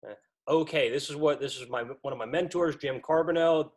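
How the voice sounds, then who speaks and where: A man training lacrosse officials in an instructional talk, lively and acting out what coaches say. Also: a little high, brisk. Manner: lively, acts out quoted coaches.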